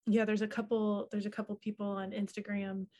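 A woman co-hosting a casual chat, calm and affirming as she responds and shares her view. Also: mid-range voice, fairly quick.

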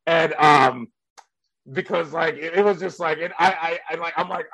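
A man's voice: on the high side, moderate pace, fairly bright tone, rough recording. A male comedian telling a story in casual chat, rambling and profane with many fillers.

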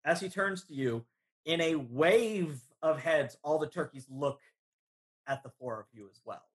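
A game master narrating a tabletop role-playing session in a relaxed way with frequent fillers. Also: medium pitch, a little slow, husky.

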